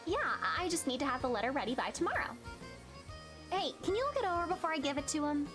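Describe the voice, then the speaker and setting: Streamer girl voicing a jittery lovesick teen girl, kinda dramatic, high and lively, game music in the back. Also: quick pace. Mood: nervous. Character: nervous dramatic teenage girl in love.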